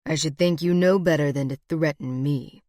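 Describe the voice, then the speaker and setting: A woman voicing a manipulative, smooth-talking villainous man in low, soft, menacing tones. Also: moderate pace, no room sound, studio quality, lightly acted. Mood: threatening.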